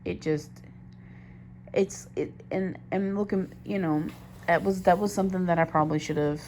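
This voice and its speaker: A woman's voice: on the low side, fairly even intonation, normal speed, darkish tone, a little hiss or hum. A young woman recounting a personal story in a candid, rambling confessional monologue, often doubling back on herself. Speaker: diary vlogger.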